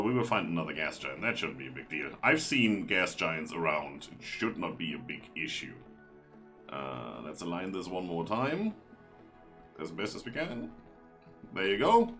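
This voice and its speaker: A man's voice: low-pitched, wildly swooping pitch, moderate pace, bright, forceful tone, faint music behind. A man streaming a game live, chatting and explaining each step as he plays.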